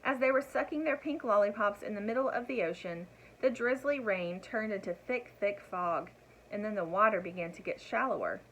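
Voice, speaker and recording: A woman reading a picture book aloud to children in an expressive voice, turning to her young listeners with asides. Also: mid-range voice, normal speed, slight background noise, rough recording. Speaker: storyteller.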